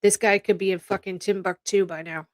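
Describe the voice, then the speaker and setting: A woman's voice: mid-range voice, fairly even intonation, fairly quick, dry recording, clean studio sound. A middle-aged woman hosting a casual chat, blunt and exasperated, swearing freely. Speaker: psychic channel host.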